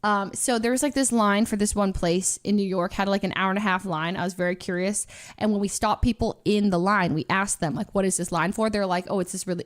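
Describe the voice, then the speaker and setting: A woman streamer chatting casually as she reacts to her own vlog, rambling through a story with lots of fillers and restarts. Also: mid-range voice.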